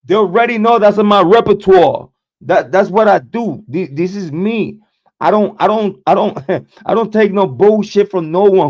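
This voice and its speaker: Speaking in an unhurried, high-sitting voice, a true crime channel host rants on a livestream, profane and confrontational. He stammers, restarts and repeats words frequently, and the sound quality is dull and lo-fi.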